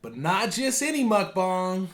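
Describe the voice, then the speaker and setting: Man, co-host, casual eating chat, playful, laughing, animated pitch. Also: a little slow. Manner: upbeat, laughs often, playful teasing.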